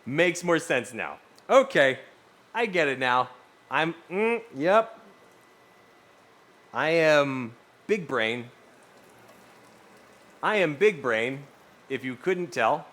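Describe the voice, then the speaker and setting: Young guy streaming, rambly and sweary, voice jumps all over, kinda high. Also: takes it slowly, pauses often. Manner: rambling, animated, swears freely. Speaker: livestreamer. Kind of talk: casual livestream chat.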